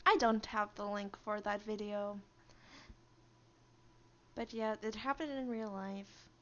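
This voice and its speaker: A woman's voice: mid-range voice, steady tone, takes it slowly, lo-fi sound, a little hiss or hum. A woman streamer chatting casually on a live stream, rambling and easily amused.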